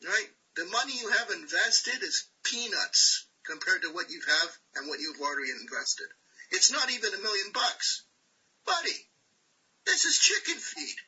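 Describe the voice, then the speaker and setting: A man rants with preachy conviction, punching his points with repeated tag questions. His voice is high for a man and very bright, with heavy rasp. It comes through a dull, lo-fi call line. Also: expressive, moderate pace. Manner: preachy, repetitive "all right?" tag questions. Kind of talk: impassioned rant on a group call.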